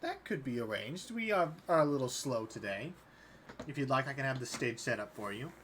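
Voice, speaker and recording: A man's voice: mid-range voice, lively intonation, a little fast, fairly bright tone, a little hiss or hum, natural voice. A man voicing a friendly, easygoing male barkeep in a tabletop game.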